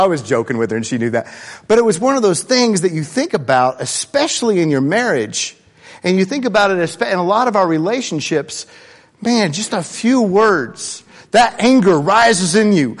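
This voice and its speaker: A man preaching a sermon as pastor, animated and swinging between loud bursts and hushed asides. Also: high voice. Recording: long hall reverb.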